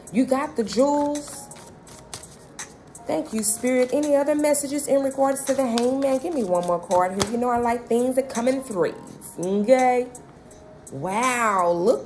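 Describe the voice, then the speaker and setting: A woman's voice: mid-range voice, a little mellow. A woman giving a casual tarot reading from inside a car. She is chatty and swears freely, and often checks in with "okay?". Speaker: tarot reader. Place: inside a car while traveling.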